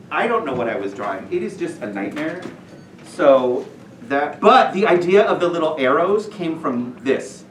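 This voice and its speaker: A man telling stories casually to a school audience as a visiting author, animated and self-deprecating with many fillers. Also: mid-range voice. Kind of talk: casual storytelling talk to students. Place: school room. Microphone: far room mic. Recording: echoey room from far off, noisy.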